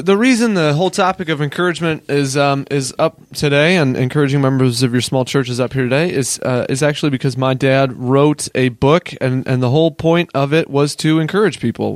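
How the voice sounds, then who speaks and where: A man's voice: mid-range voice, no echo, studio quality. A man hosting a podcast, upbeat and casual, with some restarts. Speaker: podcast host.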